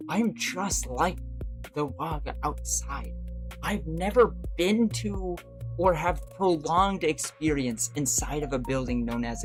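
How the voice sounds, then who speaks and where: Rambling livestream host over faint music. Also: mid-range voice. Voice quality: rambling, laughs often, many fillers and restarts. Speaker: livestream host talking to chat. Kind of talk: casual chat.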